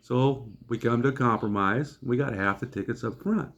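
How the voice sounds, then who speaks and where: Man, middle-aged, folksy, wry, comic storytelling, medium pitch. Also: normal speed, vocal fry, highs cut off. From Iowa. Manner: folksy, wry, acts out voices of others. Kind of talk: comedic anecdote storytelling.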